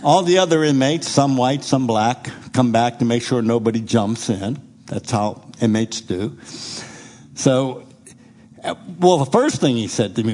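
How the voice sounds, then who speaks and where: A middle-aged man with a husky voice tells his testimony from the pulpit like a storyteller. His pitch swings up and down as he acts out the people in his story. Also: moderate pace. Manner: animated storyteller who acts out quoted speech. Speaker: preacher giving a testimony.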